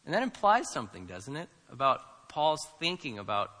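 Bright-voiced man preaching in a reverberant church. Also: medium pitch, sing-song, moderate pace. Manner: conversational, emphatic preaching with rhetorical questions. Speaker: pastor. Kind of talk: sermon.

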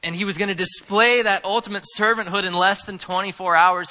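A male pastor delivering a sermon earnestly, moving between hushed asides and emphatic stresses. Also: high-pitched, steady tone, brisk, few pauses, big-room sound.

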